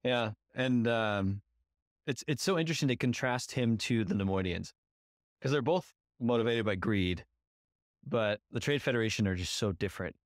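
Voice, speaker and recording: A man's voice: mid-range voice, moderate pace, no echo, clean studio sound. Upbeat man co-hosting a podcast. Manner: upbeat, engaged, animated when retelling scenes. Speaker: podcast co-host. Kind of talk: casual podcast discussion.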